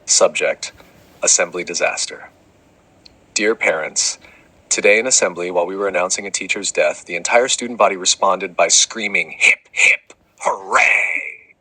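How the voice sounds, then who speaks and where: A deep, husky male voice with a sharp, tense edge reads out comic letters to parents. He sounds like a fed-up school principal at the end of his rope, exasperated and dramatic, with frequent swearing. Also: normal speed, poor audio. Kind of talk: comedic scripted narration.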